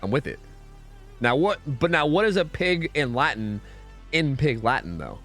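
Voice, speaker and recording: While streaming a game, a man chats casually with his viewers, rambling, swearing and saying "dude" a lot. His mid-range voice is very animated and fairly bright, at a moderate pace, with soft music in the background.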